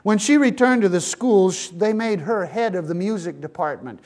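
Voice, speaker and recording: A man's voice: high-pitched, moderate pace, darkish tone. A man preaching a sermon, retelling a Bible story and speaking to his listeners as friends. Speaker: pastor.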